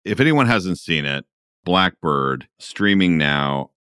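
A man's voice: low-pitched, lively intonation, slow pace, sharp tone, clear, resonant tone, no room sound, clean studio sound. A man hosting an interview podcast, mostly giving short affirmations and asking brief questions. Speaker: podcast host. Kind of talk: casual interview talk.

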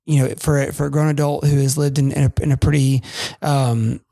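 Male podcast co-host, mid pitch, gravelly fry, loose rambling delivery full of restarts. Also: flat delivery, fairly quick, warm tone. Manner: rambling, with many restarts and asides. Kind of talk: casual podcast chat about parenting.

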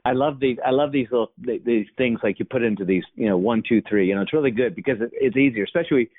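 A man's voice: mid-range voice, fast. A man hosting a casual interview, giving encouraging responses and asking about his guest's story. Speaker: podcast host. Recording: tinny phone-like line.

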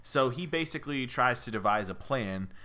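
Bright-voiced playful young man. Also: mid-range voice, lively intonation, normal speed. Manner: playful, jokey, laughs often. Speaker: podcast co-host. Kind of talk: improvised comedic storytelling.

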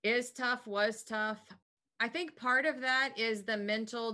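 A woman talks about her health business in an informal interview, keeping things upbeat, talkative and enthusiastic. She has a mid-range voice, a moderate pace and a pushed, bright sound.

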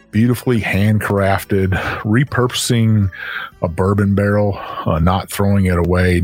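A man with a Southern US accent, co-hosting a podcast in a folksy, rambling way with plenty of fillers. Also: low voice. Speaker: podcast co-host. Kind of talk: casual chat.

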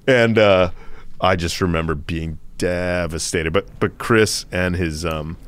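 Low-voiced man telling profane stories. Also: measured pace, a bit bright, clean tone, no echo. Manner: profane, rambling, laughs through stories. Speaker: podcast host. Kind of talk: casual storytelling chat.

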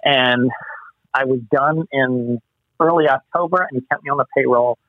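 A man being interviewed as an actor, telling lively anecdotes and acting out the people he quotes. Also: mid-range voice, moderate pace, no echo. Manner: animated storyteller acting out quotes. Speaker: actor guest. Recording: muffled phone-line sound.

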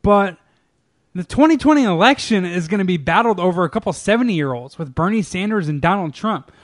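A man's voice: high voice, expressive, fairly quick. A young man chatting casually with a friend, telling a rambling, profane story and laughing often. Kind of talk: casual chat.

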